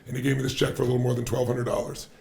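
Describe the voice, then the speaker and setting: Gravelly, roomy-sounding man telling a story. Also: medium pitch, monotone, very fast, darkish tone. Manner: emphatic, repeats phrases for effect. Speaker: podcast guest. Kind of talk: animated storytelling in conversation. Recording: roomy echo.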